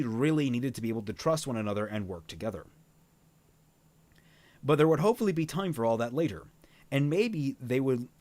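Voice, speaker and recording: A man's voice: medium pitch, darkish tone, no room sound. A man reading a fan novel aloud on a stream, adding his own commentary, with frequent fillers and restarts. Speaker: reader and streamer.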